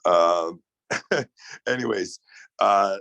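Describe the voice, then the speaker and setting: A man's voice: sits low, very slow, creaky, fairly bright tone, dry recording. A man co-hosting a podcast over a video call, talking in a loose, joking way with lots of fillers. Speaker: podcast co-host. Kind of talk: casual chat.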